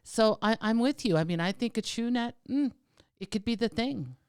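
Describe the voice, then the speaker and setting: A woman co-hosting a podcast in casual chat, lively, explaining things step by step with many tag questions. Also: a little high, moderate pace, clear, resonant tone, no echo, clean studio sound. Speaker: podcast co-host.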